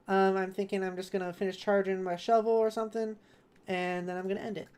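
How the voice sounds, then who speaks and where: A woman's voice: mid-range voice, fairly quick, a little mellow. A woman streamer in casual live chat while gaming, reading viewers' messages aloud and answering them kindly. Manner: chatty and self-correcting, with laughs.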